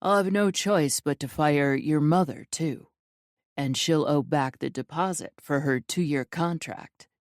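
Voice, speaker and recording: A woman voicing a smug, controlling male crime boss who talks with cool, smooth menace in a lowered voice. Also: unhurried, dry recording, clean studio sound. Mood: threatening.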